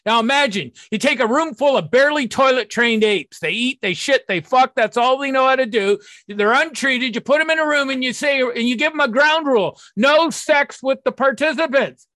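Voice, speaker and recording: A man's voice: very high voice, normal speed, few pauses, bright, forceful tone, no room sound. A man giving a blunt, profane talk on recovery and sponsorship, acting out the people he quotes.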